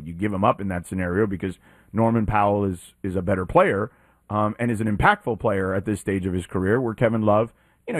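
Animated man arguing basketball. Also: medium pitch, no room sound, clean studio sound. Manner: emphatic, argumentative, rising when pressed. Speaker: sports podcast co-host. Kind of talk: casual debate.

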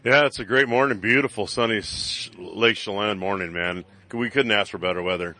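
A man's voice: on the low side, brisk, pushed and bright. A man who is a guest at a bar's grand opening, talking on live radio in an enthusiastic, laid-back way. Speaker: guest at bar event. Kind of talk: casual live radio chat.

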